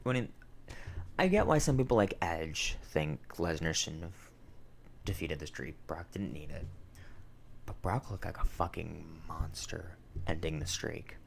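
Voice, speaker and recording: Low-voiced young man rambling a review. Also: lively intonation, a little slow, gravelly, a little hiss or hum. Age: 20s. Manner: rambling, swears casually, frequent fillers; emotional, sentimental. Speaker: wrestling reviewer. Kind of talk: casual review chat.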